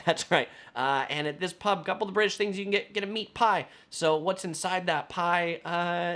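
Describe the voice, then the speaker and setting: Chatty travel vlogger, lively pitch. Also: male voice. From United States. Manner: chatty, rambling, frequent fillers. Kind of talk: casual travel vlog talk.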